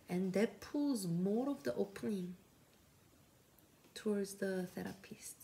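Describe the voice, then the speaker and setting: A young woman with a Korean accent, a native Korean speaker, teaching counseling skills in a slow, gentle, often whispery voice. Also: medium pitch, vocal fry, slight background noise. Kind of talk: soft-spoken teaching talk.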